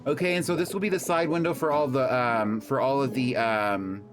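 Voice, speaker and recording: A man's voice: medium pitch, moderate pace. Man rambling playfully over background music. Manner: rambling, playful, chats with viewers. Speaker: live streamer. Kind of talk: casual live-stream chat.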